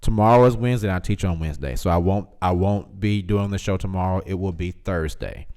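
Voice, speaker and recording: A man's voice: low voice, a little fast, a little mellow, smooth. A man hosting a casual livestream, reading chat comments aloud, teasing viewers and laughing often.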